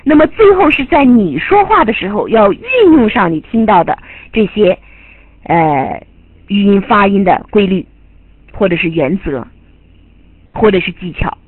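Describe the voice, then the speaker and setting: A woman's voice: mid-range voice, big pitch swings, moderate pace, pauses often, breathy edge, no echo. A woman teaching a class, lecturing emphatically and repeating her key points. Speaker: English teacher. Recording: tinny lo-fi, phone-like recording.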